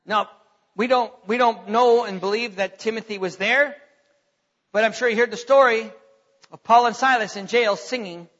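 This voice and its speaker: A man preaches from the pulpit in a strikingly high, bright voice, pressing his listeners with questions. His words ring through a long church reverb on a dull, lo-fi recording. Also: normal speed. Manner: emphatic preaching with rising rhetorical questions. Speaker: pastor. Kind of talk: sermon.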